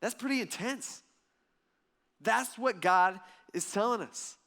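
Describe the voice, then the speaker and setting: High-voiced lively male preacher. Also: slow, vocal fry. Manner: lively storytelling preacher, acts out voices in the parable. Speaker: pastor. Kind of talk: sermon.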